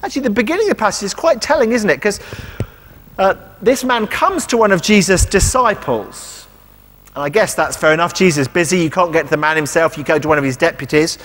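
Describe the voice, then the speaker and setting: Guy preaching, chatty, lively up and down pitch, big church echo. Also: quick pace. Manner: conversational, asks rhetorical questions, voices quoted speech. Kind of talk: sermon. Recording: long reverb of a church hall.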